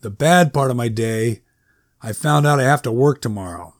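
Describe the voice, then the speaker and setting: A man's voice: mid-range voice, moderate pace, close to an everyday voice. A man voicing an anxious, earnest woman who is a worried schoolteacher, in a story reading. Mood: earnest, fretful.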